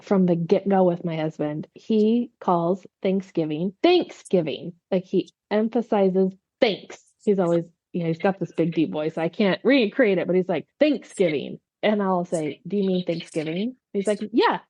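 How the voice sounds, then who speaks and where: A woman's voice: fairly low pitch, normal speed, hardly any pauses, dark tone, dry recording, muffled recording. A woman from Texas co-hosting a podcast, telling stories in casual chat. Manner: chatty, storytelling. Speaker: podcast co-host.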